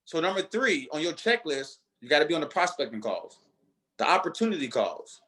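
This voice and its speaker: A man's voice: fairly high pitch, sing-song, a little fast, sharp tone. A man leading a network marketing team, giving a motivational talk with emphatic, preacher-like repetition.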